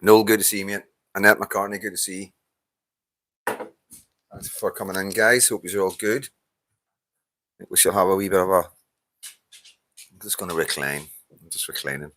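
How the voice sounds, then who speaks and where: Deep-voiced and a bit bright, a Northern Irish man in his fifties runs a casual livestream, sounding tired as he chats, laughs often, curses and reads out the names of viewers he greets. His intonation stays fairly even at a normal speed with many pauses, and there's no echo.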